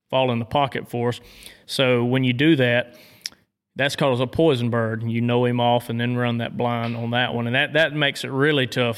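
Southern guy from georgia, calm steady talk about retriever training, smooth tone. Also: medium pitch. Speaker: dog trainer and duck hunter. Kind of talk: casual chat.

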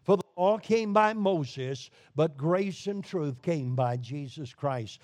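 A man from Brooklyn preaching a sermon, emphatic, with sudden swings between loud declarations and quiet, low lines. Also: expressive, slow, no room sound. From Brooklyn, New York. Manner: emphatic preaching with sharp rises and drops in volume.

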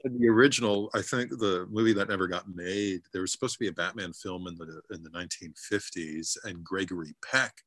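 A man with a very low voice and a bright, forceful edge talks casually, pausing often on filler sounds as he gathers his thoughts. The recording is dry and close. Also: no room sound. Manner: halting, many uh fillers. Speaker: podcast co-host. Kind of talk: casual chat.

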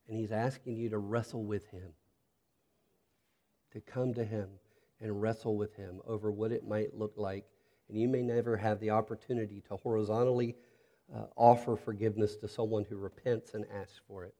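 A man delivering a sermon from the pulpit in a lowish, mellow voice. He talks earnestly through the text, then softens almost to a hush when he turns to his listeners. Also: little pitch movement, moderate pace, long pauses. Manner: earnest, drops to soft intimate tone when appealing to listeners. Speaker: pastor.

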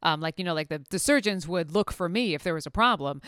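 A woman's voice: lowish voice, fast, clear, resonant tone, dry recording, studio quality. Chatty woman veterinary anesthetist. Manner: chatty, animated, full of fillers and restarts. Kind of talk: casual storytelling.

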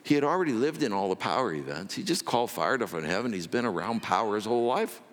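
A man preaching a sermon as pastor, telling the story with drama and dropping from loud to hushed. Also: lowish voice, animated, fast talker, big-room sound, noisy background.

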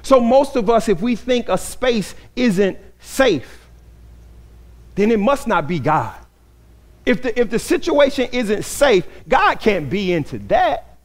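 A man's voice: very high voice, big pitch swings, slow. A man preaching a sermon as pastor, earnest and repeating phrases for emphasis. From grew up in an inner-city neighborhood.

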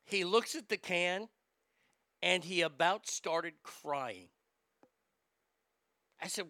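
A man's voice: sits high, animated, takes it slowly, pauses often, bright, forceful tone, no echo. A middle-aged man hosting a casual talk show, telling stories in a wisecracking, profane way. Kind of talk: casual talk radio banter.

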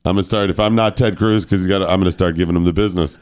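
A man's voice: low-pitched, fairly even intonation, rapid-fire, a little mellow, clean tone. A man hosting a talk radio show, bantering bluntly and wryly while running the segment. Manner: blunt, wry, runs the segment.

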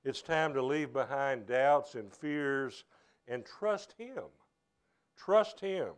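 A male pastor preaching to his congregation in a church. His delivery is earnest and halting, with frequent restarts, and his voice sits at an ordinary middle pitch. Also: animated, clear, resonant tone. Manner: earnest, halting, with many repeated starts. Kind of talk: sermon.

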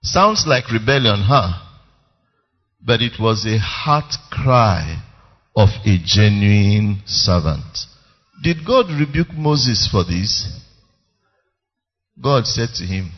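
Pastor guy preaching slow, big swoopy pitch, echoey dull-sounding hall recording. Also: very animated, slightly rough. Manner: emphatic, calls for congregation response. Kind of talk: sermon. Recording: reverberant lo-fi church recording.

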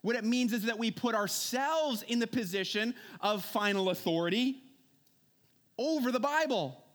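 A man's voice: very high-pitched, animated, moderate pace, fairly bright tone. A man preaching a conversational sermon, earnest, posing rhetorical questions and repeating key words.

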